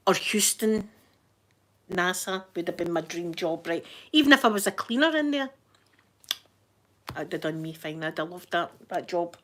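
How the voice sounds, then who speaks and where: A woman with a broad Scottish accent chatting casually on a livestream, reading out viewer names and laughing often. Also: medium pitch. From Scotland. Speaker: livestreaming YouTuber. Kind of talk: casual live chat.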